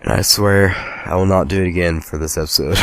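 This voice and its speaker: A man's voice: deep voice, fairly even intonation, a little fast, fairly bright tone, faint music behind. A man casually commenting on a game as he plays, rambling and joking at himself. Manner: rambling, joking, self-deprecating. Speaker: let's play host.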